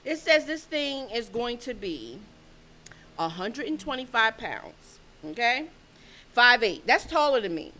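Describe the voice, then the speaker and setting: A woman's voice: on the high side, unhurried. A woman in her thirties co-hosting a podcast, chatting casually and telling stories with lots of profanity. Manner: animated, profane storytelling. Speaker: podcast co-host. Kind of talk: casual chat.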